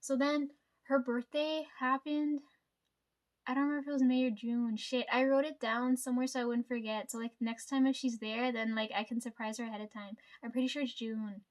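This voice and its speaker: A woman's voice: a little high, fairly even intonation, fairly quick. A woman telling a story to her viewers in a casual chat, rambling, swearing freely and filling her talk with "like" and "right?". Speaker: vlogger.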